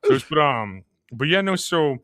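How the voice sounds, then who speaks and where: A man's voice: fairly high pitch, expressive, moderate pace, a bit bright, no room sound, clean studio sound. A man hosting a podcast in casual chat, rambling and repeating words as he thinks, laughing often. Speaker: podcast host.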